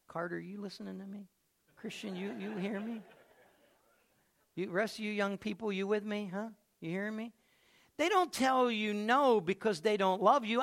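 Bright gravelly-voiced male preacher. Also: high voice. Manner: animated, calls on listeners by name. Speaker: pastor. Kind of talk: sermon.

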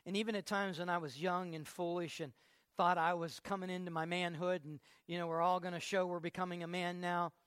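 A male pastor delivers a sermon in an easy, conversational manner and often restarts and repeats his words. His voice sits high for a man and sounds bright. The recording is dry and close. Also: little pitch movement, clear, resonant tone, no room sound. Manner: conversational preaching with frequent halting repeats.

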